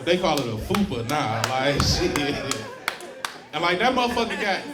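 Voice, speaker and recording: Over loud music, a man with a slightly high, sing-song voice delivers brash, profane stand-up at a moderate pace, regularly laughing at his own gags. He's on a comedy club stage before a live audience, with loud crowd laughter filling the roomy space.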